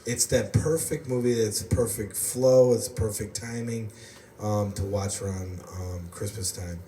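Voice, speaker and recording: This podcast host from the United States has a lowish, mellow voice and talks a little slowly, laughing a lot while he tells meandering stories in relaxed conversation. It's recorded in a roomy space on a distant mic with some faint background noise.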